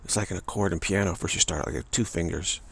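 A man with a low, deeply husky voice, full of gravel and fry. He speaks as a spiritual teacher in a loose, musing way. He repeats long phrases and trips over them as he goes. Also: steady tone, fast, a bit bright. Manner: repetitive, stumbling over tongue-twisting phrases; casual and musing, many fillers. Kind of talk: rambling spiritual talk.

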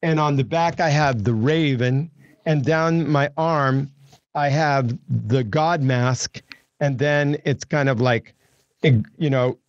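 A man's voice: medium pitch, slow, no room sound. Man in his 70s rambling happily, lots of restarts and laughs, kinda muffled. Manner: chatty, laughs easily, trailing restarts. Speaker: guest. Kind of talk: casual chat.

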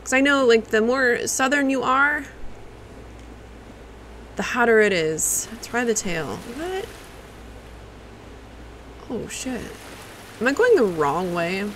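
A woman's voice: fairly high pitch, big pitch swings, takes it slowly, pauses often, fairly bright tone, a little hiss or hum, rough recording. A woman livestreaming a video game, reacting with curses and chatting to her viewers. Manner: profane, reactive, talks to chat. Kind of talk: casual live gameplay commentary.

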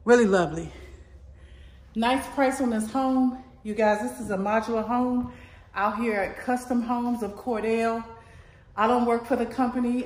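A woman's voice: fairly high pitch, fairly even intonation, normal speed, a little mellow. A woman giving a casual, chatty tour of a modular home, somewhat out of breath, recorded on a handheld phone indoors. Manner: chatty, repeats "really lovely". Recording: echoey empty rooms.

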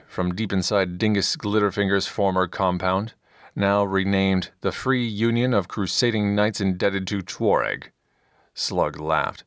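A male narrator reads a fantasy story in a measured, steady manner. His voice is on the low side and the studio sound is dry and close. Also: dry recording. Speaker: audiobook narrator. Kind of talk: scripted narration.

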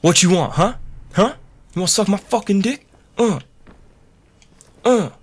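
A man's voice: sits high, lively intonation, a little slow, husky. Young male gamer, loose and profane, jokey running commentary. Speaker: let's play gamer. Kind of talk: casual gameplay commentary.

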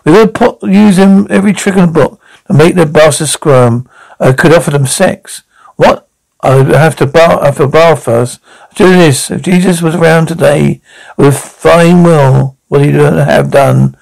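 A man trading brash, crude sitcom dialogue in a gravelly voice. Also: on the high side, measured pace, a little mellow, low-quality recording.

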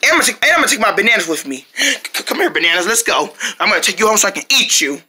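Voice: mid-range voice, sing-song, racing, bright, forceful tone, slightly rough, heavily acted. A performer voicing a hungry monkey racer in a cartoon who mumbles while munching bananas. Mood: eager. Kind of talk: cartoon voice acting.

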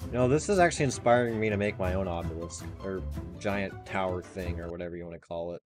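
A young man gaming with friends, swearing and swinging between loud yells and quiet mumbling. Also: deep voice, fast talker, faint music behind. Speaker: gaming YouTuber. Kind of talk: casual gaming chat with friends.

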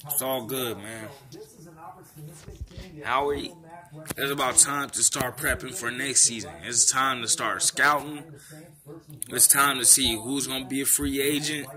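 A man's voice: mid-range voice, steady tone, unhurried, pauses often, a crowd in the background. A man ranting angrily about his football team, cursing constantly and repeating himself. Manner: profane and heated, repeats himself. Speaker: sports fan vlogger. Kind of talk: angry fan rant.

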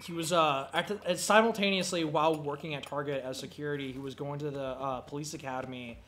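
A man's voice: fairly high pitch, steady tone, fast talker, a bit bright, a little hiss or hum. A young man hosting a gameplay video, rambling through casual, profane stories with lots of fillers. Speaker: gameplay commentary host. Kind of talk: casual storytelling chat. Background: faint game music.

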